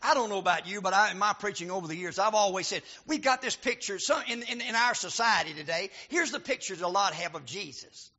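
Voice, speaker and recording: A male preacher giving a sermon, reading scripture and building to emphatic, shouted points. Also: high voice, brisk, few pauses. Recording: dull lo-fi recording.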